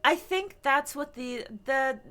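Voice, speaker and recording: A woman voice actor chatting casually while streaming a game, animated, laughing often and swearing freely. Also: high-pitched, takes it slowly. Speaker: streamer playing a narrative game. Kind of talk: casual chat and reading game text aloud.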